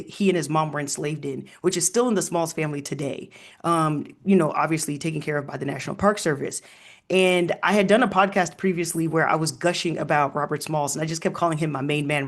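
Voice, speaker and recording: Animated male historian, slightly high voice. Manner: animated storyteller with frequent ums and laughs. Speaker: historian guest. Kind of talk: casual interview conversation.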